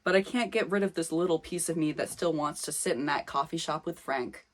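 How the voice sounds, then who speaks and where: Casting: young woman, lowish voice, dry self-mocking vlogger reading old fan fiction aloud. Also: fairly quick. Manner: sarcastic, self-mocking asides between read passages. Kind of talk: comedic reading with commentary.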